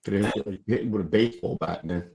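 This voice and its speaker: A man's voice: fairly low pitch, brisk, vocal fry, a little mellow. A man hosting a podcast, reacting in casual chat with short interjections. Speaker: podcast host.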